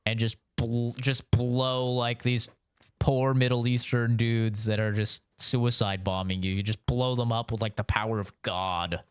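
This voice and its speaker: This man's medium-pitched, clean-toned voice carries a loose, profane game stream where he rambles and keeps answering chat with "you know." There's no echo.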